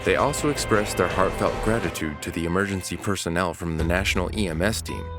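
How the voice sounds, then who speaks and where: A man narrating a true crime story in a measured, somber scripted voice-over. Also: deep voice. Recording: voice-over with music behind.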